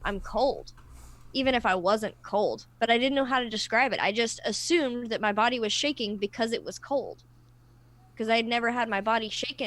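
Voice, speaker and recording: A woman's voice: on the high side, a bit bright. Thoughtful woman in a panel chat. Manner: thoughtful, explains with personal examples and restarts. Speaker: co-host of a discussion livestream. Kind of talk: casual panel discussion.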